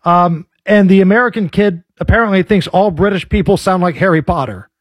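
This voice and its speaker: A man's voice: high voice, brisk, breathy edge, no echo, lo-fi sound. A man co-hosting a talk radio show, trading wisecracks in casual banter. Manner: wisecracking, lively.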